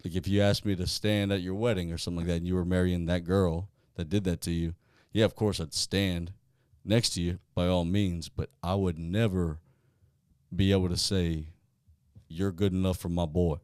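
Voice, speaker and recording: Um homem com sotaque do sul dos Estados Unidos, apresentando um podcast e fazendo perguntas diretas num papo descontraído. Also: male voice, sits low, steady tone, normal speed, darkish tone, clean tone, dry recording, studio quality. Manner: blunt, probing questions. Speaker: podcast host. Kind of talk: casual podcast chat.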